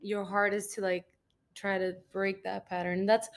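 A woman's voice: mid-range voice, level tone, moderate pace. A woman co-hosting a podcast, speaking openly in a chatty, casual way with frequent "like" fillers. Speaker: podcast co-host. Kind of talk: casual chat.

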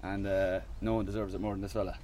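A man's voice: deep voice, level tone, quick pace, mellow. A man speaking about a golfer he supports, proud and choked up. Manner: choked up and proud, laughing through it. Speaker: supporter speaking after the win. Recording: faint outdoor noise.

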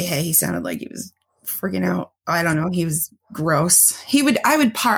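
A woman co-hosting a podcast, telling blunt, profane stories in casual chat and often laughing. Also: mid-range voice. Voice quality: gravelly, husky. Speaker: podcast co-host.

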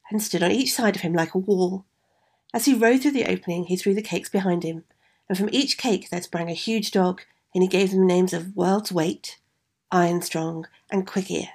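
A woman reading a fairy tale aloud in a measured, expressive way. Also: mid-range voice, breathy edge. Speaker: storyteller.

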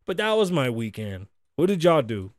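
High-voiced man ranting casually in a dry studio. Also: moderate pace, dry recording. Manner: animated, swearing, acts out quotes in loud bursts. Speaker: podcast host. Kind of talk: casual profane talk-show rant.

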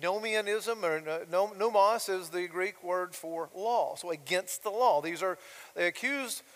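A man's voice: high-pitched, a little slow. A male pastor preaching a sermon emphatically, often asking his congregation rhetorical questions. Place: church sanctuary. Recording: long hall reverb.

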